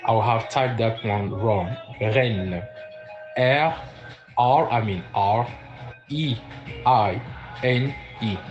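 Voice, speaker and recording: A man's voice: medium pitch, dull audio. A man teaching a casual livestream French lesson, spelling words out letter by letter and greeting viewers by name. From French-speaking.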